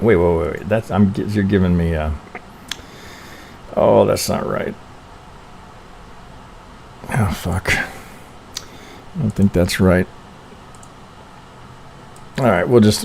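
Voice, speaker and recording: A man walks through trading charts on a casual live stream, thinking out loud, cutting himself off mid-sentence and checking in with "right?" every few lines. His voice sounds a bit stuffy from allergies, and he curses under his breath when something goes wrong. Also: fairly low pitch, creaky, slight background noise. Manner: rambling, self-interrupting, frequent "right?" tags and mild swearing. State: congested with allergies. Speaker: trading educator reviewing charts.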